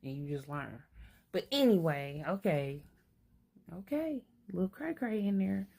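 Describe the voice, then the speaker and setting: An older woman talking candidly to camera, thinking out loud to herself. She is blunt and streetwise and swears freely. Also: lowish voice, big pitch swings, measured pace, gravelly, slightly rough. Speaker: vlogger. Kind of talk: candid self-reflective monologue.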